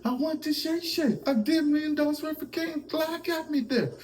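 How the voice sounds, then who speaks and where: Boastful male rapper impression, high and squeaky, whiny and bragging. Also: normal speed, darkish tone, distant mic, slight background noise, low-quality recording. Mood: defensive.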